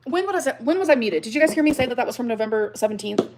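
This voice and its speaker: A woman's voice: a little high, lively intonation, rapid-fire, a little mellow. A woman talking straight to her viewers in an agitated, rambling way, swearing often and breaking into nervous laughter. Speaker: livestreamer responding to claims. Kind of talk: emotional unscripted ranting to viewers.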